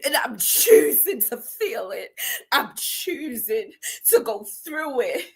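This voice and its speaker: A middle-aged woman hosts an inspirational show, delivering an emotional, preacher-like monologue full of repeated phrases, near tears yet defiant. Her voice is high-pitched and sing-song, slow, with vocal fry and a breathy edge.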